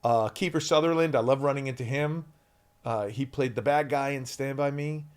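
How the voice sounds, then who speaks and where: A man in his fifties, an actor guest telling stories in a podcast interview, animated and full of ums, acting out shouted quotes. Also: medium pitch, normal speed, clean tone.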